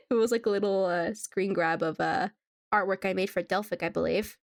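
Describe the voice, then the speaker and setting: A woman's voice: mid-range voice, brisk, vocal fry. A woman streamer chatting casually to her viewers while she draws, laughing often and humming along to music. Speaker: VTuber streamer. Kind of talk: casual live-stream chat while drawing.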